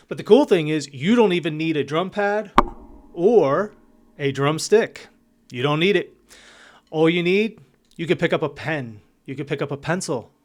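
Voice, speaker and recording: A man giving a casual, upbeat drum lesson, chatty and vocalizing beats and counts out loud. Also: a little high. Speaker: drum teacher.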